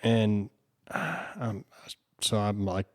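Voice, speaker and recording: A man's voice: lowish voice, animated, slow pace. A man, a guest on the podcast, telling a story in conversation in a plain, matter-of-fact way.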